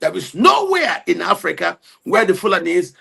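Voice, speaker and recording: A man giving heated political commentary, forceful and repetitive as he argues. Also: high-pitched, sing-song, moderate pace, vocal fry, husky.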